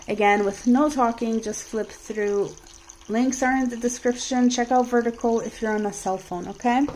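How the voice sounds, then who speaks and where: A woman's voice: mid-range voice, a little mellow, a little hiss or hum, low-quality recording. A woman giving a casual, chatty review of a tarot deck as she shuffles, with many ums and restarts. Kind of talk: casual product review while shuffling cards.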